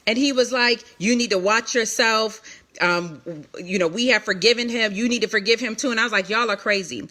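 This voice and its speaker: Woman, bright, forceful tone, candid testimony, emphatic, repeats herself. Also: fairly high pitch. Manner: emphatic, repetitive, quick restarts. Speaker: ministry leader speaking to an online audience.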